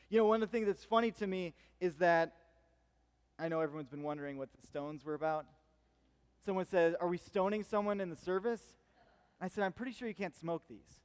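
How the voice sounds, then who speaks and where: Pastor guy preaching loose and chatty, lots of "like" and "right?", voice kinda high, echoey church hall. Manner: conversational, rambling with fillers and restarts. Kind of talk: sermon.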